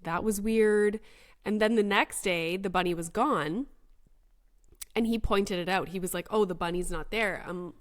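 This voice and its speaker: A woman's voice: mid-range voice, a little slow. A woman hosting a solo podcast, telling a story in chatty, rambling casual talk that is full of filler words. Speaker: podcast host.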